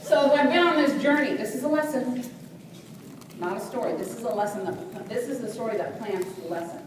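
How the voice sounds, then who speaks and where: A middle-aged woman speaker telling a personal story to a live audience, animated and sassy, with preacher-like call and response. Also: fairly high pitch, fairly quick. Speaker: motivational speaker. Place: large hall with audience. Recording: echoey hall from far off, noisy.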